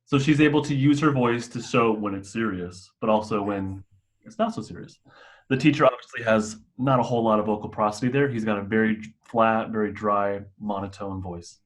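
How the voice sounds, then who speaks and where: A man's voice: fairly low pitch, brisk, hardly any pauses. A man who works as a mental health clinician, presenting a staff and parent training in a casual, explanatory way with occasional restarts.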